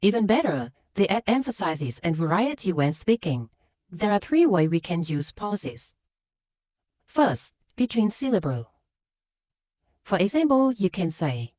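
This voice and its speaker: A woman for whom is a gives a scripted lesson in a fairly low but very lively voice, pushing hard on the words she wants to stress. The recording is close and dry, with no room sound. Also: measured pace, dry recording. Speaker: English teacher.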